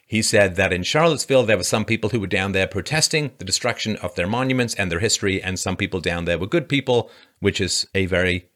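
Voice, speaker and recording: A man's voice: low-pitched, animated, a bit bright. Sarcastic man in political commentary. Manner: mocking, dry, quick to sigh and scoff.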